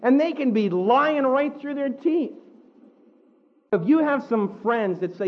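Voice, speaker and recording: A man preaching a sermon, animated, acting out the quotes he tells. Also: very high voice, a little slow, lo-fi sound. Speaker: pastor.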